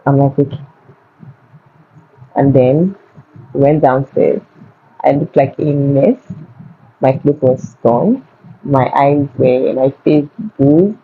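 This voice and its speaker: A young woman, telling a personal story to camera in a casual, animated way, repeating words for emphasis. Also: a bass voice, takes it slowly, long pauses, husky, phone-quality sound. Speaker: vlogger. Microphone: phone.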